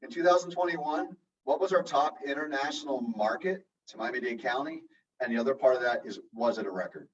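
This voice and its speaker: Fast-talking man reading a quiz over a distant, muffled call line. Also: mid-range voice, husky. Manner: brisk quiz questions. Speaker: co-host asking trivia.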